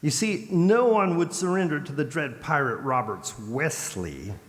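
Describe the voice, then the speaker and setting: A man's voice: a little high, expressive, a little slow, slight background noise. A man playing a laid-back young pirate hero at a live convention script reading, rambling with lots of casual fillers. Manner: casual slacker talk, lots of "like" and "uh". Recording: reverberant convention hall.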